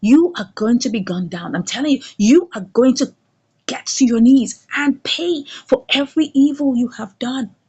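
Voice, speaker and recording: A woman's voice: on the high side, animated, normal speed, mellow, dull audio, pitched below the performer's own voice, close to an everyday voice. Woman doing a vengeful woman demanding justice. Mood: threatening. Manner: threatening, commanding. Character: vengeful woman seeking justice, cold and threatening.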